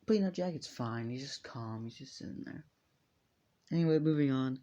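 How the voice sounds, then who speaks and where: A man's voice: mid-range voice, moderate pace, mellow, muffled recording. Rambling, profane man telling a story. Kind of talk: improvised fan-story narration.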